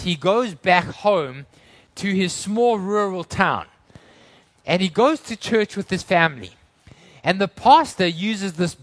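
Earnest male preacher with a higher voice. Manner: earnest, rising to emphatic builds then dropping to hushed tones. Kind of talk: sermon.

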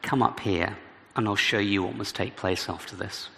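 A man with a low, gravelly voice delivers an expository sermon, reading scripture and giving it dramatic weight. His voice rings with the long reverb of a church hall, and faint noise sits under it. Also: fairly even intonation, moderate pace, bright, forceful tone. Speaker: preacher.

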